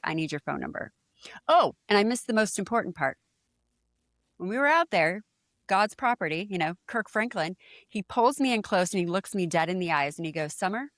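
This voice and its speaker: A woman in her forties from San Diego, telling a personal story as a podcast guest and acting out what people said with lively jumps in her voice. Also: no echo, clean studio sound. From San Diego, USA. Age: 40s. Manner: animated, acts out quoted speech with big pitch jumps, lots of fillers. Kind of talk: casual storytelling in conversation.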